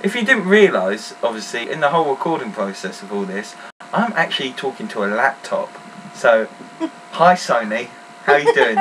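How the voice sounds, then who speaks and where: A young man riffs through casual gameplay commentary, his voice swinging wildly in pitch as he jokes and swears in sudden outbursts. He sits well back from the mic, so he sounds distant, with a faint hiss underneath. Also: normal speed. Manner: joking, sweary, lively outbursts. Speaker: gaming channel host. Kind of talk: casual let's-play commentary. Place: room at home, recording while gaming.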